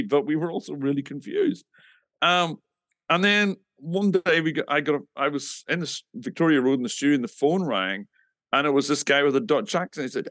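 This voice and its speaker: A man's voice: a little high, a bit bright, no room sound, clean studio sound. A man from England casually telling stories about his band, animatedly acting out quoted dialogue and swearing now and then. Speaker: musician recounting his band's history. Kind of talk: casual anecdotal storytelling.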